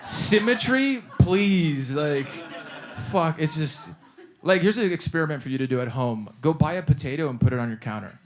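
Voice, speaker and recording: Animated high-voiced male stand-up comic. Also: normal speed, very noisy. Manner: animated, laughs through his own lines, profane. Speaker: stand-up comedian. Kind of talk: stand-up storytelling.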